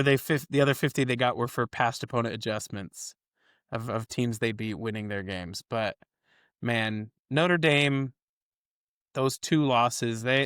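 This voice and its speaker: A man talks through football rankings in an easy, chatty podcast voice, laying out his reasons one point at a time. His voice sits at an ordinary middle pitch. The sound is close and dry, with no room echo. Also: a bit bright, smooth. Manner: explains the model's logic at length, builds points step by step. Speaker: co-host of a college football ratings show. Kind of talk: casual podcast chat.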